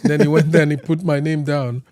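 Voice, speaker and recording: A man from Nigeria, a singer on a podcast, telling casual stories in a lively way and acting out other people's lines. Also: a little high, fairly quick. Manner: lively anecdote teller who acts out other people's lines. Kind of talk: casual storytelling chat.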